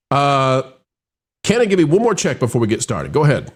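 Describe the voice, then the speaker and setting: A man hosting a live film review show, talking in an animated, rambling way with frequent restarts. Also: mid-range voice, fairly quick.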